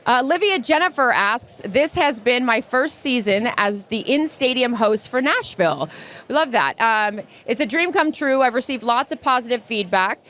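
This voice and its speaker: A woman in her forties, co-hosting a live podcast and answering listener questions in a quick, chatty way. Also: fairly high pitch, lively intonation, fairly bright tone. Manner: fast-talking, chatty. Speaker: podcast co-host. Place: live stage event.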